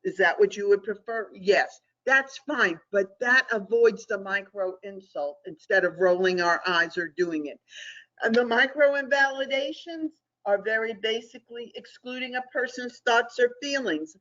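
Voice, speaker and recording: A woman's voice: a little high, lively intonation, unhurried, a bit bright. A middle-aged woman presenting an online training webinar, talking conversationally and often checking in with "okay?". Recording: dull lo-fi webinar audio.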